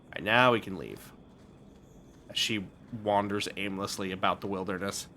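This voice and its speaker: A man's voice: low-pitched, fairly even intonation, moderate pace, pushed and bright, slight background noise. A male streamer giving casual, rambling commentary over a game, laughing often.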